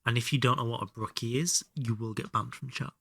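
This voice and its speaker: Gaming live, a man jokes and banters with his audience, now and then muttering under his breath. His voice is medium in pitch and gravelly, fairly bright and fairly even in intonation, delivered briskly over slight background noise.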